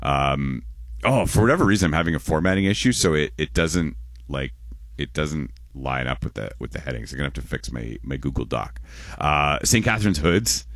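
A man's voice: very deep voice, expressive, a little fast, no room sound, studio quality. A Canadian man in his forties hosting a radio show in casual chat, rambling and restarting his words, often chuckling.

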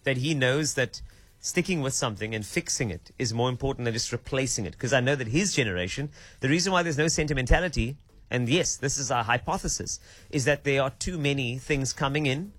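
A man hosting a casual radio chat, animated, laughing often and repeating words. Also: medium pitch, a little fast, dry recording. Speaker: radio host.

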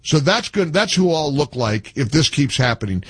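A middle-aged man hosting call-in talk radio, animated, jokey and easily exasperated. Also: on the high side, normal speed, slightly rough, no echo. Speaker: radio talk show host.

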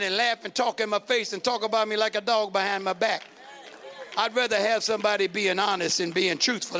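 A man preaching to his congregation in a strikingly high, bright voice. He fires questions at the pews and climbs into shouted, repeated runs. It sounds like a full church service. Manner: call-and-response preaching, rising to shouts. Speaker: pastor. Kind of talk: sermon.

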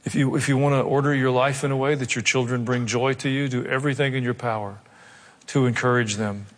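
A man's voice: medium pitch, steady tone, fairly quick. Man preaching a sermon in a reverberant hall. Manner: emphatic and conversational, with repeated phrases. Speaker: pastor. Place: large church hall.

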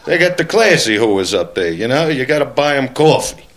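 A man doing a crude, brash stand-up routine with an excitable, punchy delivery. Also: medium pitch, normal speed, a crowd in the background. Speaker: stand-up comedian.

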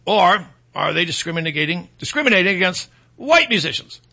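A man's voice: high-pitched, very animated, brisk, creaky, sharp tone. A male talk radio host delivering a sarcastic, rambling opinion monologue full of fillers.

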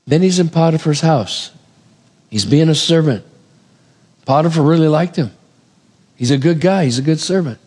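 A man preaching a conversational sermon in a church, retelling scripture stories with animated, acted-out quotes. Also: high voice, moderate pace. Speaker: pastor. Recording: long reverb of a hall.

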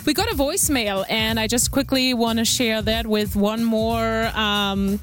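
A woman's voice: fairly high pitch, unhurried, fairly bright tone. A woman hosting a radio show, friendly and conversational with some stumbles. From Saskatchewan, Canada. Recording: dry studio with faint music.

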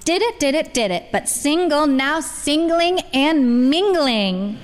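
A woman's voice: on the high side, a little fast, big-room sound, voice pushed up, lightly acted. A woman voicing a playful, showy older mother who talks in a sing-song way. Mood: sing-song boastful.

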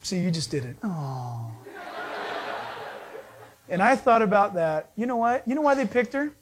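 A man's voice: sits high, expressive, quick pace. A man preaching a conversational sermon, telling stories in a chatty way with frequent restarts. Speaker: pastor.

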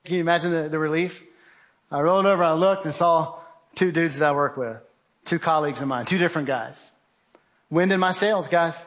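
A man's voice: fairly high pitch, steady tone, a little fast, fairly bright tone. A man giving a vivid, urgent testimony talk, telling a survival story with remarks of faith. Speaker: guest speaker.

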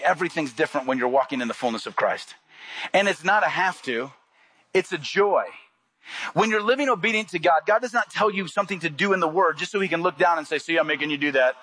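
Guy preaching a sermon, bright ringing voice, kinda high, punches up the big lines. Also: fast talker, poor audio. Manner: preaching with rising emphatic peaks and quoted asides. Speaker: pastor.

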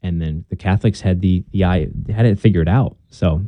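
A man's voice: deep voice, brisk, dry recording, muffled recording. A young man telling his conversion story in a casual interview, earnest and chatty with plenty of fillers and restarts.

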